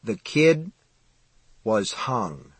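A man narrating a novel in measured, steady scripted storytelling. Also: fairly low pitch, husky, no room sound. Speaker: audiobook narrator.

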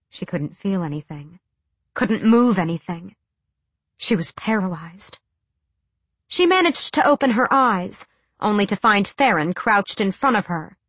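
A woman's voice: lowish voice, fairly bright tone, dry recording. A woman narrating a fantasy audiobook with a dramatic, tense delivery.

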